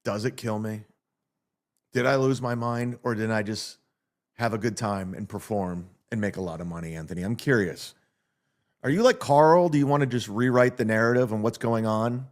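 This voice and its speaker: A man's voice: fairly low pitch, normal speed. A man hosting a livestream, ranting in a mocking, sarcastic way and reading viewer donations aloud. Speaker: livestream host.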